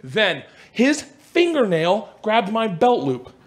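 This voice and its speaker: A man, a stand-up comedian, animatedly telling a story to a live audience and acting out the other people's voices, shouting at the peaks. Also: high-pitched, very animated, takes it slowly, a crowd in the background. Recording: live stage recording with loud audience laughter. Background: audience laughter and noise.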